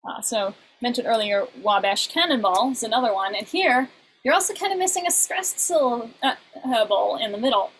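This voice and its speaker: A woman teaching an online class, explaining in halting bursts and now and then breaking into short sung examples. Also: a little high, lively intonation, a bit bright, slightly rough, poor audio.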